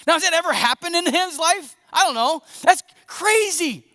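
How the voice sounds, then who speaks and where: A man preaching a sermon as a pastor, conversational and animated, acting out scenes as he goes. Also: very high voice, normal speed. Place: church sanctuary. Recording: echoey church hall.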